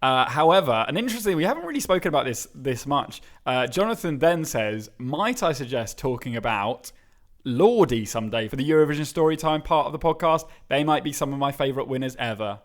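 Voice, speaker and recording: A man's voice: mid-range voice, lively intonation, brisk. A man co-hosting a podcast in casual chat, reading out listener emails with frequent laughs. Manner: chatty, giggly, reads emails aloud. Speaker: podcast co-host.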